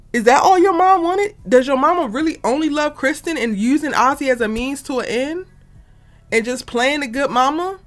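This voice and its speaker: Animated woman ranting about a TV episode. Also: high-pitched. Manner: animated, exasperated, talks straight to viewers. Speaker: TV review vlogger. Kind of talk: casual episode breakdown.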